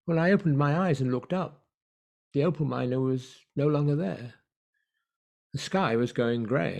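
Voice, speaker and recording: A man narrating a story in an online play reading, measured and hushed. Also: a little high, vocal fry.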